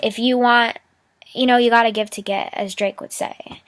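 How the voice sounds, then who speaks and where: Her voice sits on the high side, with fairly even intonation and a normal speed, recorded dry. The young woman rambles and giggles through a casual vlog of upbeat life tips, scattering "like" and "you know" everywhere.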